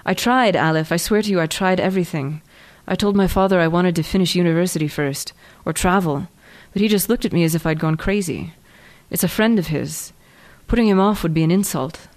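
A woman reading the lines of an anxious young woman who pleads quietly and strains toward tears. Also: on the low side, brisk, few pauses, lightly acted. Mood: pleading, tense.

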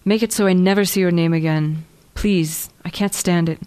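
A woman reading the lines of an anxious young woman who pleads quietly and strains toward tears. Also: on the low side, steady tone, normal speed, clean tone, lightly acted. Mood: pleading, tense.

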